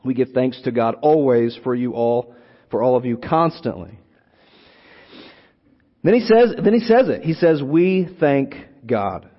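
A man preaching an expository sermon, teaching slowly and deliberately, lingering on single words and repeating phrases for emphasis. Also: medium pitch, lively intonation. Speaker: preacher teaching on a Bible letter. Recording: long hall reverb, dull lo-fi sound.

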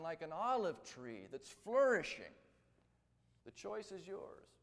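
A man preaches a sermon and tells the story dramatically, building to loud emphatic peaks and then dropping to hushed, quiet lines. His voice sits a little high for a man. It rings out with the long reverb of a large hall.

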